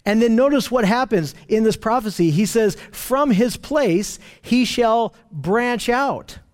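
A man preaching a sermon in an earnest teaching tone, slowing down to stress scripture. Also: very high-pitched, lively intonation, a little mellow.

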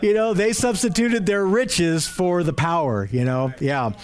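Man with a high voice leading a group Bible study, earnest and explanatory. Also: a little slow. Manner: earnest and explanatory, often asks the group questions.

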